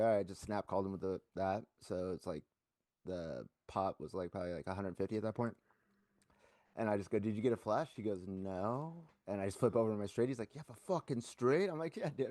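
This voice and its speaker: A man with a lowish voice chats on a podcast, spinning a story and jumping into little impressions of the people in it. The sound is close and dry, with no room around him. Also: no room sound. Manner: animated storyteller, mimics people he quotes. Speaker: podcast co-host. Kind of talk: casual podcast chat.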